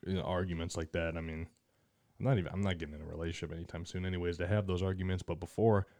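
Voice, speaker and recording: Low-voiced man, easygoing and laughing. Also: fairly even intonation, darkish tone. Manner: agreeable, quick to laugh, swears casually. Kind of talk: casual chat.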